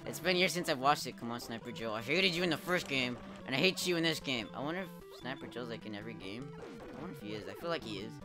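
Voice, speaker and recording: A young man commenting live on his gameplay, swearing a lot, laughing often and yelling at the game when he fails. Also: medium pitch, quick pace. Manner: profane, excitable, laughs often, shouts at the game. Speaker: streamer playing a retro game. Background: game music.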